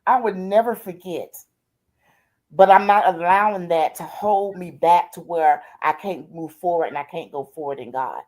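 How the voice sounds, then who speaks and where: A woman's voice: lowish voice, normal speed, darkish tone. Older woman telling her story earnestly. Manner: heartfelt, repeats "I said" and "she said", colloquial Southern-style grammar. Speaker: guest. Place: live stream interview.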